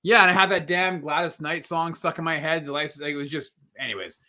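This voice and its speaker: A middle-aged man co-hosting a casual live podcast, telling a story with lively quoted voices and quick asides. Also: a little high. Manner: animated storyteller acting out quotes. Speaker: podcast co-host. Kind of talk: casual chat.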